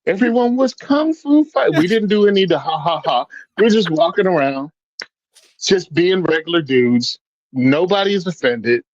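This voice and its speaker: A high-voiced man guests on a podcast, telling stories in casual chat at a normal speed. He's an animated storyteller who acts out the voices of people he quotes. The recording is lo-fi with no echo.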